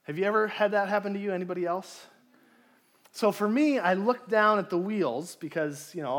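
Guy preaching in church, chatty, high voice, acts out little inner voices. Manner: conversational, asks the congregation questions, acts out inner voices. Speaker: pastor. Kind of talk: sermon.

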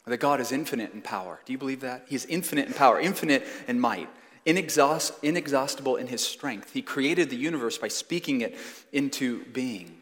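Male pastor, 30s, emphatic sermon delivery, mid pitch, long hall reverb. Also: a bit bright. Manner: earnest, emphatic preaching with slow stressed phrases. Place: church sanctuary.

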